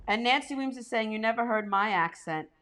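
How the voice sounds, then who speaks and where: A woman's voice: fairly high pitch, expressive, a little fast, fairly bright tone. New York woman co-hosting, reading comments. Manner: chatty, reads out comments. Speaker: co-host reading viewer comments. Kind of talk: casual chat.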